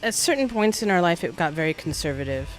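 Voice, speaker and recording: A woman's voice: lowish voice, fast, faint music behind. A woman barber in her forties telling stories in a casual interview, acting out the voices of the people in them. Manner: animated storyteller acting out quoted voices.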